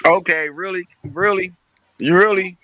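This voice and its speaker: Animated storytelling man, bright crude slang. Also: high voice, unhurried, muffled recording. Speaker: podcast co-host. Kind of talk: casual gaming chat.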